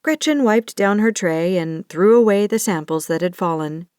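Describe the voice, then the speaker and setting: A woman narrating an audiobook romance in a measured, even manner. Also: medium pitch, clean tone, dry recording, studio quality. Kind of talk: scripted narration.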